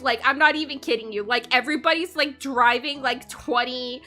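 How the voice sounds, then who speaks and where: A woman's voice: high-pitched, brisk, pushed and bright, faint music behind. A young woman streaming live, chatting casually with her chat and giggling often between sentences.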